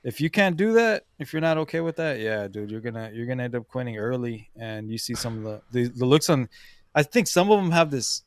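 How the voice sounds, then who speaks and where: Guy on a podcast telling gym stories, lively and cussing, mic real dry and close. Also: mid-range voice, fairly quick, clean tone, no room sound. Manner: animated storyteller, swears, acts out quotes. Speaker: podcast co-host. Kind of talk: casual chat.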